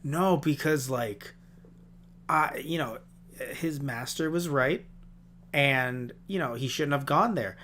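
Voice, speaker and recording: Animated man chatting casually. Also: mid-range voice, takes it slowly, a little hiss or hum. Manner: animated, swearing, mock-argues with himself in bits. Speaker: podcast host. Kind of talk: casual review chat.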